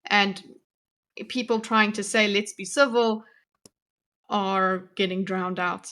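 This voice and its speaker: A woman's voice: mid-range voice, fairly even intonation, slow, fairly bright tone. A woman joins a live online panel as a guest. She talks casually and chimes in with short, agreeing remarks. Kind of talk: casual stream chat.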